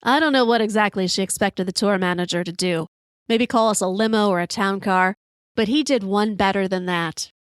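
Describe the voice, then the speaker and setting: A woman in her fifties hosting a podcast, telling a story in an animated, profane way and acting out the quotes. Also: mid-range voice, normal speed, clear, resonant tone, dry recording, clean studio sound. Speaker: podcast host. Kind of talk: storytelling monologue.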